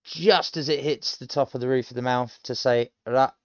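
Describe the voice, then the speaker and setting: A man's voice: medium pitch, steady tone, moderate pace, no echo, lo-fi sound. A British man in his thirties, a self-taught learner casually thinking aloud and explaining pronunciation, rambling with many ums. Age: 30s. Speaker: language learner streamer. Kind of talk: casual self-study commentary.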